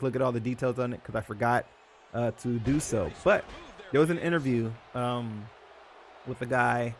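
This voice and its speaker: A young man hosting his own channel, talking in a loose, rambling way, full of fillers and self-corrections. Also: mid-range voice. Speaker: YouTube host. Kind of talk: casual rambling commentary.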